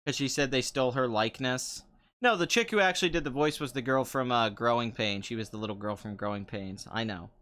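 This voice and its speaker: A man's voice: mid-range voice, brisk, fairly bright tone. Sarcastic, rambling young man. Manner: sarcastic, rambling, laughs often. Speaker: podcast host. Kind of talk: casual chat answering viewer comments.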